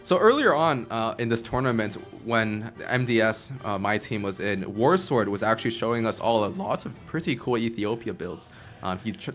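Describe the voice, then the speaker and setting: An American man from Chicago casting a live strategy game, calm and analytical. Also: mid-range voice. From Chicago, United States. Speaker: esports caster.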